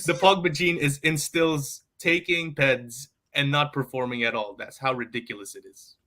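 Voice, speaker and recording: A man's voice: mid-range voice, steady tone, moderate pace, bright, forceful tone. A man co-hosting a casual sports podcast, blunt and joking, with some swearing. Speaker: podcast co-host.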